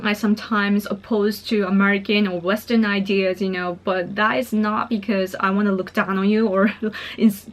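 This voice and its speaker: A woman from Japan speaks to her viewers in a hushed, even monotone, careful not to raise her voice. Her talk is casual and earnest, full of "like" and "you know", with small laughs slipped in. Her pitch sits in a middle range for a woman. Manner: monotone and soft-spoken, quiet so as not to disturb family. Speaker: political vlogger.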